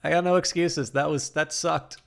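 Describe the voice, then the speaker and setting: A man streaming a video game live, chatting with viewers and breaking into loud, frustrated outbursts. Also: a little high, steady tone, normal speed, gravelly, a little hiss or hum. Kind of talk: live gameplay commentary.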